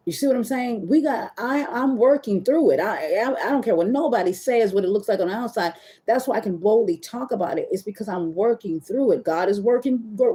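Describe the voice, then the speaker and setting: A woman's voice: mid-range voice, mellow. A woman hosting a livestream, talking candidly and rambling to her viewers, at times close to tears. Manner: emotional, near tears at times. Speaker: webcam model hosting a livestream. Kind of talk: casual confessional livestream talk. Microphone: phone or webcam on a live stream.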